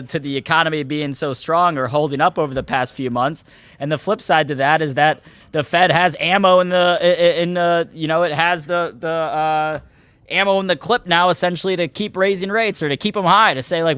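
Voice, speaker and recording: A man's voice: fairly high pitch, a bit bright, no room sound. A man hosting a live market talk show, rambling and restarting his sentences as he talks. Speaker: show host.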